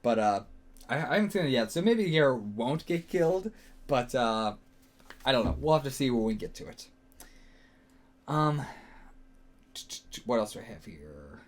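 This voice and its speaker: A man's voice: medium pitch, very animated, normal speed, long pauses. A man, hosting a casual solo reaction video, rambling and second-guessing himself with lots of fillers. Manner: rambling, self-questioning, frequent fillers and swearing.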